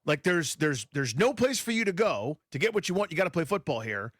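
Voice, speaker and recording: A man co-hosting a sports talk radio show, arguing his point in an animated way and restarting words when he gets heated. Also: a little high, fairly quick, no room sound, clean studio sound.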